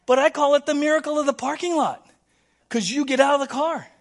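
A man preaching a sermon as pastor in a church, playful and animated, acting out little scenes for the congregation. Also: extremely high pitch, a little fast. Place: church sanctuary.

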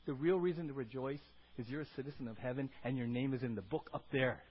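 A man preaching a sermon as pastor, animated and acting out quoted voices, then dropping to a soft prayer. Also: mid-range voice, fast, slightly rough, muffled recording.

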